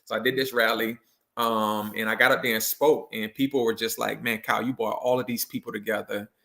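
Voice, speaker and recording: Bright-voiced man telling a story. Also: on the low side, fairly quick, vocal fry. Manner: animated storyteller, acts out quotes with a raised voice, loose with "like". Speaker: motivational speaker and education consultant guest. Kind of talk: storytelling in a video interview.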